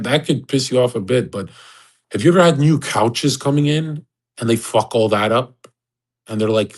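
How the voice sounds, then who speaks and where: A man's voice: mid-range voice, a little mellow, breathy edge. A man hosting a livestream, delivering a crude, rambling, exasperated monologue. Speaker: livestream host. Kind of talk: profane ranting monologue.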